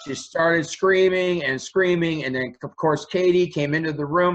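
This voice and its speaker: Guest, man with a runny nose, raised pitch, rambling chatty storyteller. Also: normal speed, few pauses, a bit bright, rough recording. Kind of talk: casual storytelling interview.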